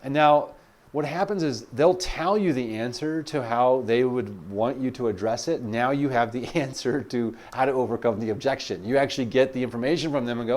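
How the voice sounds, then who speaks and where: A male sales coach talks straight to his viewers in a relaxed teaching monologue. His voice sits at an ordinary middle pitch. He slips into quoted client lines and keeps a loose, filler-dotted delivery. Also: fairly quick. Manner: conversational, acts out client dialogues, frequent fillers.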